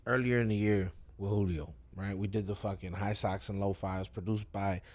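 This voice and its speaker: A man rapper as a guest, talking in a loose, profane, rambling way while high, often cutting himself off. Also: steady tone, brisk, a little mellow. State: high, with cotton mouth. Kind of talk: casual live-stream chat.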